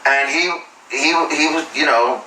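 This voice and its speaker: An actor playing a hesitant man who tells a story haltingly with many pauses and restarts. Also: medium pitch, pushed and bright, recorded from a distance, slight background noise. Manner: halting, full of fillers and restarts. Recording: roomy and off-mic.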